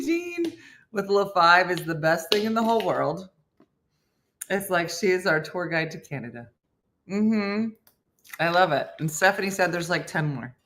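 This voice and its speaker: A middle-aged woman hosting a comedic morning show, chatting in a loose, animated way with frequent laughs and asides. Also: on the low side, unhurried. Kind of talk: casual comedic chat.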